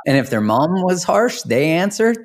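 A man hosting a podcast, talking loosely with casual swearing and getting higher when he makes a point. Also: very animated, normal speed. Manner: loose and profane, rises in pitch when emphatic. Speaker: podcast host.

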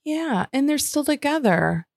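A woman's voice: high voice, very animated, measured pace, gravelly, no echo, clean studio sound. A woman co-hosting a podcast in casual chat, talkative and chatty. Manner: chatty, reads names aloud. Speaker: podcast co-host.

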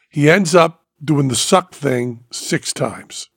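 A man hosting a podcast, telling a story with animated comic flair, profane and acting out both sides of a dialogue. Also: on the high side, takes it slowly, no room sound, clean studio sound. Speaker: podcast host.

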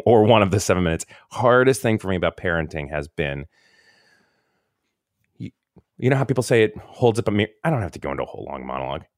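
A man in casual podcast chat, rambling and interrupting himself with quick laughs. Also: low-pitched, very animated, no echo, studio quality. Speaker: podcast co-host.

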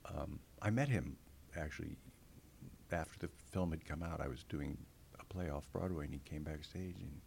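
A man's voice: extremely low pitch, normal speed, vocal fry, darkish tone, a little hiss or hum. A man, a guest actor in a conversational interview, telling stories animatedly, acting out quotes and laughing often.

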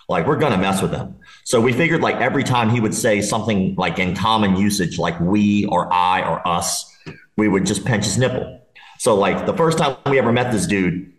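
Roomy-sounding man telling a rowdy story. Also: lowish voice. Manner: animated, swearing, laughing while telling a story. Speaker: podcast guest. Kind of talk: casual storytelling. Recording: roomy echo.

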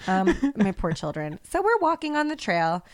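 A young woman co-hosting a casual podcast, telling animated stories and cursing freely. She acts out the people in her anecdotes, and her voice sits close and dry on the mic. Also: mid-range voice, moderate pace, dry recording. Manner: animated storyteller, swears freely, acts out quotes. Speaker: podcast co-host. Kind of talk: casual chat.

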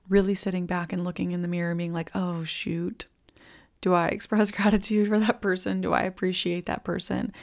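Gravelly-voiced young woman, chatty and earnest. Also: fairly low pitch. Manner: warm, earnest, chatty with frequent likes and ums. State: tearful, breaking into soft whispers. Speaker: intuitive reader and podcast host. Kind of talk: casual heartfelt live reading. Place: indoors, filming herself on video.

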